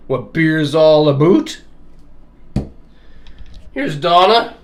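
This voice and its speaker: Extremely slow and expressive, with a voice on the high side, a Canadian vlogger talks casually at his kitchen table in a Canadian accent. He's crude, swears, laughs, and ends lines with "eh."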